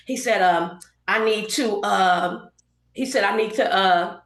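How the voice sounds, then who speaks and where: A woman in her forties with a Southern California accent, a hairstylist guest telling lively stories in a casual interview, acting out the voices of people she quotes and laughing often. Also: mid-range voice, moderate pace. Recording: echoey room.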